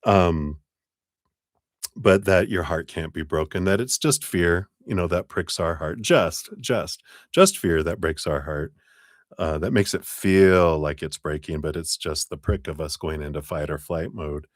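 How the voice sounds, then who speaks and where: Low-voiced man reading tarot live, meandering and chuckly, recorded dry. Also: a little slow, dry recording. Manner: rambling, self-interrupting, chuckling. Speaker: tarot reader.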